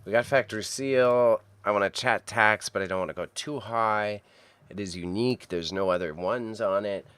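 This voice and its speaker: A man, chatting casually on a co-working stream and thinking aloud as he works, sounding a little phlegmy and clearing his throat. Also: lowish voice, normal speed, dry recording. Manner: relaxed, self-mumbling, thinks aloud while typing. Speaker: streamer and reseller. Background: keyboard typing.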